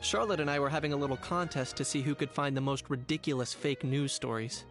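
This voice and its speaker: An actor playing a friendly, easygoing young man in a game, with a smooth, relaxed delivery, from game audio. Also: mid-range voice, fast talker, faint music behind, natural voice.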